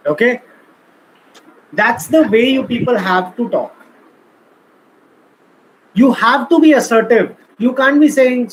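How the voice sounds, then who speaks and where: A man's voice: high voice, normal speed, slight background noise. A man giving a motivational talk on communication skills to an audience in a lecture hall. He is emphatic, acts out example lines and asks the room questions. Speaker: speaker.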